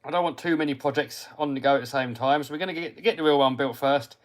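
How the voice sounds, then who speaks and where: An English man runs a laid-back live stream about radio-control cars, reading viewer comments aloud and answering them in a friendly, chatty way. His voice sits a little high for a man. Now and then he drops into a quiet mutter while working on a part. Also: fast talker. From England. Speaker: RC hobby livestream host. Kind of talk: casual live-stream chat while working on a model car.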